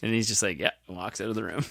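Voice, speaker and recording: A man's voice: lowish voice, very fast, creaky, fairly bright tone, no room sound. A man co-hosting a casual podcast chat, laid-back and wry, often giving short replies. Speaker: podcast co-host.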